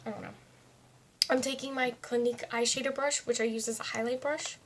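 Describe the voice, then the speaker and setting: A woman's voice: fairly high pitch, steady tone, a little fast, background noise. A woman talking casually through a makeup tutorial at home, chatting to herself as she works. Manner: chatty, talks to herself while applying makeup. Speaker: beauty vlogger. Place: home, indoors.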